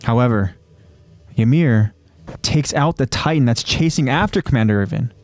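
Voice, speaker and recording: A man's voice: mid-range voice, lively intonation, normal speed, no room sound. A man co-hosting a casual podcast, retelling scenes step by step and then talking loosely about them. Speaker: podcast co-host. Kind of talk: casual podcast chat recapping an anime episode.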